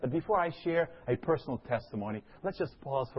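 A man's voice: medium pitch, animated, fast, slightly rough, lo-fi sound. A middle-aged man from Africa, preaching a sermon and telling a personal story, often putting questions to the audience. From South Africa.

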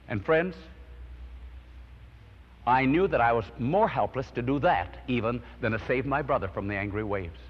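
A man preaches a sermon, earnestly telling his own testimony as a story and praying, swelling with emotion. His medium-pitched voice is very animated and has a breathy edge, at a moderate pace. The dull lo-fi recording comes from a hall with long reverb.

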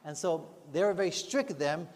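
In a church full of long reverb, with faint music in the background, a man delivers an earnest, conversational sermon with many rhetorical asides to the congregation. His fairly high voice has a darkish tone and is animated and a little fast.

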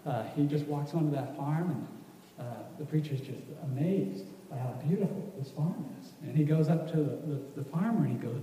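A man's voice: a little high, moderate pace, dark tone. A man giving a folksy, rambling teaching talk to a room, full of restarts. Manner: casual, rambling, many restarts. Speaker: church class speaker. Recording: echoey hall from far off.

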